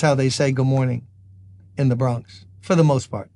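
A man's voice: mid-range voice, fairly even intonation, normal speed, slight background noise. A man with a New York accent, a senior pastor giving a devotional sermon, moving between playful asides and earnest scripture reading. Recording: soft guitar music underneath.

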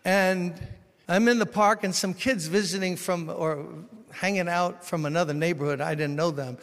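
A man from Brooklyn, preaching a sermon as pastor, swinging between loud exhortation and quiet storytelling. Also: high voice, steady tone, moderate pace. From Brooklyn, New York. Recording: long reverb of a large hall.

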